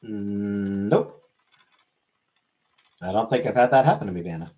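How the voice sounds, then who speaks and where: A man's voice: on the low side, measured pace, darkish tone. A man chatting casually on a livestream, rambling and offhand, swearing now and then.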